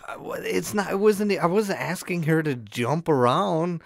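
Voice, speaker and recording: A man's voice: on the high side, animated, unhurried, vocal fry, dry recording. A young man co-hosting a casual podcast, telling a story in a rambling way with many restarts. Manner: rambling, self-interrupting storyteller. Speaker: podcast co-host. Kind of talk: casual chat.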